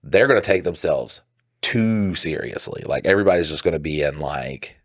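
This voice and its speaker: Southern young man, podcast co-host, deep voice, dry close sound, animated and profane. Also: moderate pace, dry recording. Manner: animated, swearing, laughing storyteller. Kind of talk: casual podcast chat.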